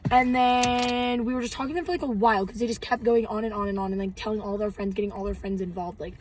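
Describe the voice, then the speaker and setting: A teenage girl co-hosting a casual podcast, rambling and filling every pause with "like.". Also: medium pitch, fairly even intonation. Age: teens. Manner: rambling, heavy use of "like". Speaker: podcast co-host. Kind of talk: casual chat. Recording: distant mic with faint background noise.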